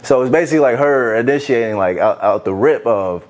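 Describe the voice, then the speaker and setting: A man co-hosting a podcast, telling a story in a relaxed way with plenty of slang. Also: medium pitch, brisk. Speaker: podcast co-host. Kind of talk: casual podcast chat.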